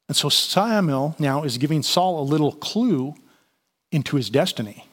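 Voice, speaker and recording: A man's voice: on the high side, lively intonation, moderate pace. A man preaching a conversational sermon, reading and explaining scripture with frequent fillers and restarts. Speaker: pastor.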